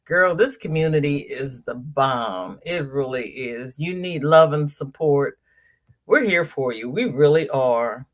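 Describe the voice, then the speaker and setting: A woman's voice: low-pitched, lively intonation, unhurried. An older woman hosting a crochet livestream, chatting casually, greeting viewers by name and repeating phrases for emphasis. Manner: chatty, reads viewer comments aloud and greets each viewer.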